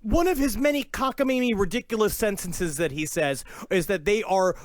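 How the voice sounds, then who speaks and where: A high-voiced man hosts a comedy podcast, riffing crude jokes in loose, casual chat. The sound is close and dry, with nothing around the voice. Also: normal speed, no echo. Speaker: podcast host.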